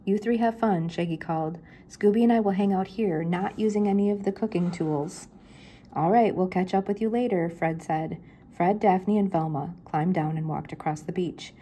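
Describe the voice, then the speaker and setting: An older woman reads a children's chapter book aloud, rising higher for each character's line. Her voice sits a little low and mellow, with a faint background hiss on the recording. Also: moderate pace. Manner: lifts her pitch for the characters' lines. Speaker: grandmother reading aloud.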